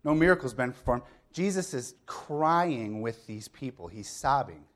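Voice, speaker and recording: A man's voice: mid-range voice, expressive, measured pace. A middle-aged man preaching a sermon in a conversational way. He talks the congregation through the point step by step, asks rhetorical questions and checks in with a frequent "okay?". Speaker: pastor.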